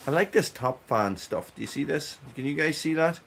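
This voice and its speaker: A man's voice: on the high side, expressive, moderate pace, gravelly, hardly any pauses, a bit bright, slight background noise. An Irish man chatting casually on a live stream, greeting viewers by name from a small cabin with a wood stove. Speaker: livestream host.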